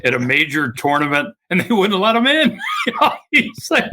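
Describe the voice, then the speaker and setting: Older male guest, bright, fairly high voice, earnest and halting with fillers. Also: wildly swooping pitch, a little hiss or hum. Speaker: interview guest, author. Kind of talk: conversational interview.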